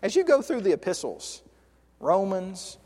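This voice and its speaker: A man preaching a sermon in a conversational way, often restarting and drawing out key words slowly. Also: sits high, big pitch swings, mellow. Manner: conversational, with frequent restarts and slow stressed words. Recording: long hall reverb.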